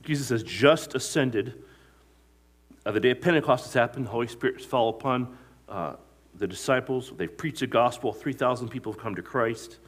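Guy preaching a sermon, mid pitch, asks the crowd questions and waits for them to answer. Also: a little fast. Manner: storytelling, retelling movie scenes. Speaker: pastor.

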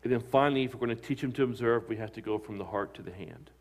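A man's voice: medium pitch, quick pace. A man, a pastor, preaching a sermon with emphatic delivery, asking his listeners questions and answering them. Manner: emphatic preaching with rising and falling loudness, asks the congregation questions.

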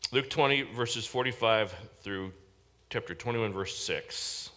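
A man's voice: on the low side, a little slow, sharp tone. A man preaching a sermon to a congregation in a church service, emphatic and direct, often asking the listeners questions. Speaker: pastor.

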